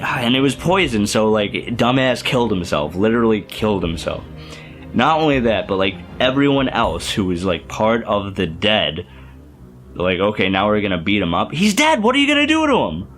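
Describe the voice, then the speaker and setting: A man's voice: fairly low pitch, fairly bright tone. A young man casually reviewing a favorite film in a rambling, enthusiastic vlog, full of fillers and restarts. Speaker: youtuber.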